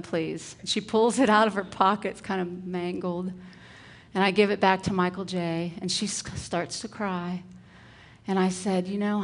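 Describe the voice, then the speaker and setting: A woman, a kindergarten teacher, giving a parenting talk full of classroom stories and acting out the dialogue in gentle, earnest tones. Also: medium pitch. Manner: acts out dialogue with a shift of voice.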